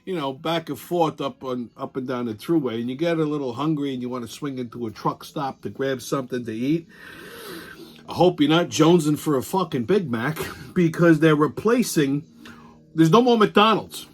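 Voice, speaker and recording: A man hosting a show, telling stories in a profane, animated way and laughing as he goes. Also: medium pitch, fairly quick. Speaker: host. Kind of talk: casual monologue with storytelling.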